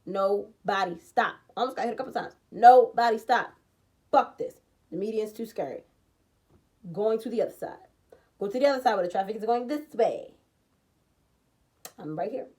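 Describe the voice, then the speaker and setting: Young woman, slightly high voice, profane and dramatic, loud outbursts against low asides. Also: lively intonation, moderate pace. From Baltimore, USA. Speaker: vlogger. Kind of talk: emotional storytime.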